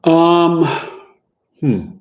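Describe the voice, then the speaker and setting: A man hosting a casual podcast, telling animated family anecdotes with laughs and sound effects. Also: a little high, very slow, vocal fry. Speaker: podcast host and astrologer. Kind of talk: casual storytelling chat.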